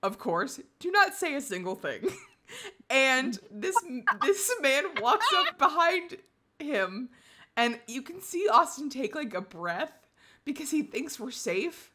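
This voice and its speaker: A woman co-hosting a casual chat, telling an animated story with frequent laughter and sarcastic asides. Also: sits high, takes it slowly. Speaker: podcast co-host.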